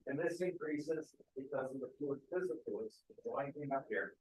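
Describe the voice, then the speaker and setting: A man's voice: mid-range voice, normal speed, a little mellow. A man giving a keynote medical lecture, explaining step by step and often checking that the audience follows. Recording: echoey lecture hall.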